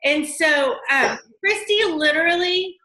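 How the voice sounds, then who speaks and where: Southern woman hosting a team call, high bright gushing voice, echoey room. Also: expressive, measured pace. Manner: gushing, effusive, fillers like "like". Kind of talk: emotional casual chat on a video call. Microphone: video call.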